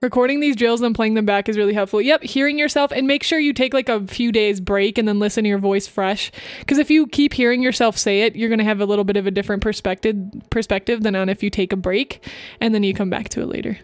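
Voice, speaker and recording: A woman's voice: mid-range voice, quick pace, dry recording. A young woman streaming casually, giggling as she chats and reads voice acting drills with exaggerated pacing and emphasis. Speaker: VTuber streamer. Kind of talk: casual livestream chat about voice acting drills.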